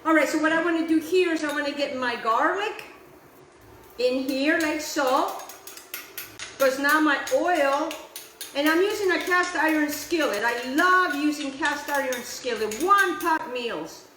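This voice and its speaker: A woman's voice: high-pitched, unhurried, pushed and bright, echoey room, slight background noise, low-quality recording. A woman hosting a casual cooking demonstration, chatty and enthusiastic, who drops Italian phrases into her talk while she cooks outdoors. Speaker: cooking show host. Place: outdoor kitchen, windy.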